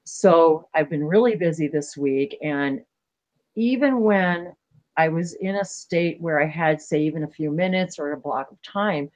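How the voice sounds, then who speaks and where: A woman hosting a spiritual livestream, talking casually in an earnest, emotional way, rambling with many halting restarts. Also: deep voice, a little mellow.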